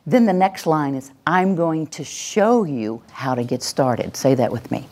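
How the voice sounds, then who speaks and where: A woman runs a hands-on parenting class in a somewhat low speaking voice. Her pitch roams widely, and during demonstrations it jumps up into bright, gushing encouragement. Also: measured pace. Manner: animated, swings into high gushing praise when demonstrating. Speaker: parenting workshop instructor. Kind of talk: live teaching demonstration.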